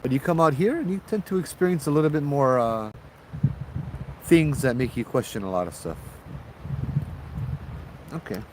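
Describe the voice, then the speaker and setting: A man's voice: medium pitch, moderate pace, long pauses, noisy background. Tipsy Hawaiian man telling ghost stories outdoors. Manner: relaxed, rambling, with local slang. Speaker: host, ghost-story teller. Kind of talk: casual spoken storytelling. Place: outdoors at night.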